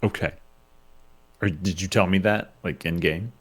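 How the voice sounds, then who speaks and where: A man's voice: sits low, measured pace. A man playing a tabletop game, talking hesitantly with lots of fillers. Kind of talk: casual in-character play.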